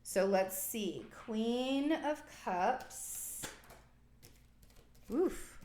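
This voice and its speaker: Her voice is a little high and slightly mellow, with lively intonation and drawn-out words, over slight background noise. This young tarot reader offers a casual, reassuring reading, meandering as she thinks aloud, full of fillers and false starts.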